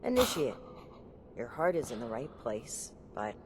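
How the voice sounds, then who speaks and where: A man voicing a cautious military paladin in video game dialogue, speaking in a measured, commanding way. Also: medium pitch, sing-song, a little hiss or hum.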